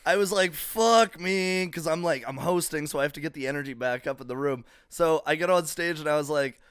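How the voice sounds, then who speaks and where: Animated swearing podcast guy. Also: fairly high pitch, fast, smooth, dry recording, clean studio sound. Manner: rambling, swearing, animated storytelling. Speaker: podcast co-host. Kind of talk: casual comedic chat.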